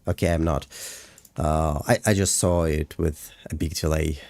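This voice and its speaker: A man's voice: extremely low pitch, steady tone, normal speed, a little mellow, dry recording. A man casually chatting on a livestream while walking through his animation work, hesitant with many fillers. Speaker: animator streaming a breakdown. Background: faint music.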